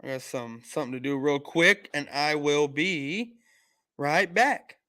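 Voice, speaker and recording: Bright-voiced man hosting a sports stream. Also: a little high, unhurried. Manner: rambling, lots of fillers and restarts, argumentative. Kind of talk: casual live-stream chat.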